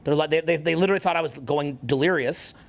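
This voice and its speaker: Man, 40s, motivational coach; slightly raised pitch, profane and relentless, repeats himself for emphasis. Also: quick pace, vocal fry. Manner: profane, intense and emphatic, hammering points through repetition. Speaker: social skills coach. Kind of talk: motivational talk to an audience.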